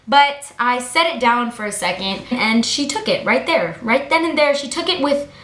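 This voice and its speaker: Profane, animated young woman telling a story. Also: sits high, normal speed, few pauses, echoey room, noisy background. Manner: blunt, profane, animated ranting. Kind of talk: storytime vlog.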